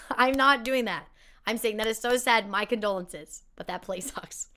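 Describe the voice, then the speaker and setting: A woman answers viewer questions in loose, easygoing chat. Her voice is bright and smooth. She rambles, restarts sentences, leans on fillers and laughs often. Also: fairly high pitch, normal speed. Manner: laughs easily. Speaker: performer hosting a live Q&A.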